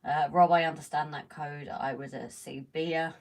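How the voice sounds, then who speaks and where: A woman's voice: low-pitched, fairly even intonation, moderate pace. A woman chatting playfully on a casual live stream. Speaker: livestream co-host. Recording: voice from a distance, faint noise.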